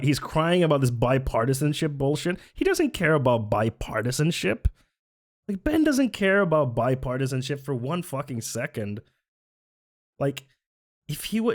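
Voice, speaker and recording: A man talks back at a political clip with open sarcasm and frequent profanity. His voice sits a little high for a man, and he speaks loosely and casually as he mocks what he hears. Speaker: reaction commentator. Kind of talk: casual reaction commentary.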